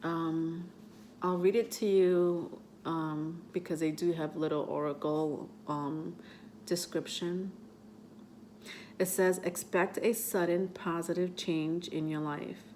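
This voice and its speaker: Slow, chatty woman reading tarot. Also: lowish voice, steady tone, a little mellow, a little hiss or hum. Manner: chatty, many fillers and restarts, reads card texts aloud haltingly. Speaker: tarot reader. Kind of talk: casual tarot reading vlog.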